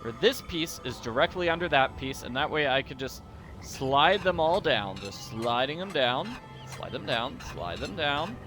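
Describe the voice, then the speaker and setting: A man's voice: medium pitch, lively intonation, unhurried, a bit bright, soft background music. A man giving goofy, rambling, self-deprecating commentary as he plays a mystery game. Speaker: let's-play host. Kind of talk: casual gameplay commentary.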